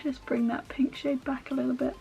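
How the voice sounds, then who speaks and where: A woman's voice: high voice, flat delivery, a little fast, gravelly, dark tone, breathy edge, faint music behind. A woman chatting her way through a makeup tutorial at home, rambling with self-mocking asides as she works. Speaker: makeup vlogger.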